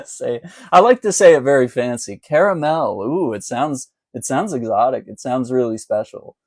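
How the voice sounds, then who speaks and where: Male commentator for a casual livestream chat, loose and laughing, mid pitch, dry close recording. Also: moderate pace, a little mellow, no echo. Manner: chatty and conversational, laughs often. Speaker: political commentator.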